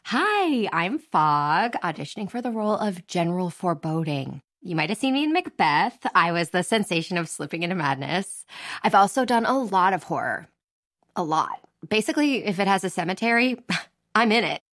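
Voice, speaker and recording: Woman as boastful personified fog, low voice, bone-dry read. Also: very animated, normal speed, fairly bright tone, no room sound. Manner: boastful, theatrical self-promotion. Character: fog auditioning as a showy stage actor. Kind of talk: comic radio ad acting.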